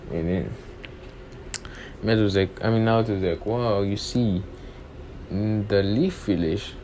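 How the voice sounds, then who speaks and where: A man's voice: on the low side, a little mellow. A young man casually retelling a fan story off the cuff, rambling, with many restarts and filler phrases. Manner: rambling, repeats "pretty much" and "and stuff", many restarts. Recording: faint background noise.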